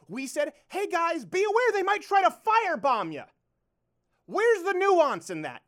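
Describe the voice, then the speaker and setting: A man's voice: very high-pitched, a bit bright. A male host delivers a fired-up closing monologue on his own show. His voice swings widely up and down as he presses each point. He keeps circling back to the same rhetorical questions. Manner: emphatic, repeats rhetorical questions.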